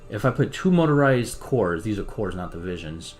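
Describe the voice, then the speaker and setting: A man's voice: fairly low pitch, expressive, moderate pace, faint music behind. A man giving casual commentary while playing a strategy game, thinking aloud and muttering to himself.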